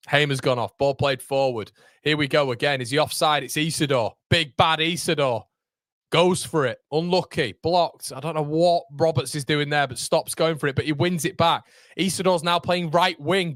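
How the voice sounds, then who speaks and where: A man hosting a live football watchalong. He is excitable and shouts at the players one moment, then chats easily with viewers using British slang like mate and lads. His voice sounds dry and close, with no room around it. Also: fairly high pitch, no room sound. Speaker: live-stream watchalong host.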